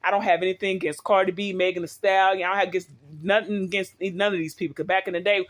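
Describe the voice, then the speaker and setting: A middle-aged woman vlogs from home on her phone, speaking fast at a medium pitch with a flat delivery. Her casual talk to viewers rambles loosely, and she keeps turning to them with questions.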